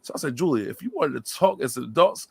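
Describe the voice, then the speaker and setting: Male podcast host with a gravelly voice and a dry, close sound, lively storyteller. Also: medium pitch, a little fast, no room sound. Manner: animated storyteller, quotes people in lively voices. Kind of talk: casual chat.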